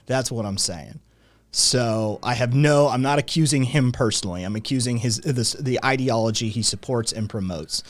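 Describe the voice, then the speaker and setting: A man hosting his own show, chatting casually and profanely with his live audience in a rambling, animated way. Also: fairly low pitch. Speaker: podcast host. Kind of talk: casual livestream chat, reading chat.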